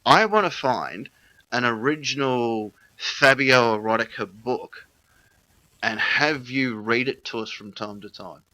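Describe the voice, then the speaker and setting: Australian male host, bright, lively, dry close mic. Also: medium pitch, no room sound. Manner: laughs often, enthusiastic, quick to praise. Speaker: podcast host. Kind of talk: casual interview chat.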